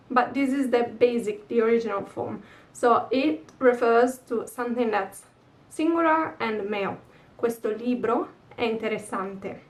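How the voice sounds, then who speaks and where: A woman's voice: a little high, recorded from a distance. Italian-accented woman teaching patiently, a little off-mic. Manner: patient, repeats example sentences slowly. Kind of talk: language lesson.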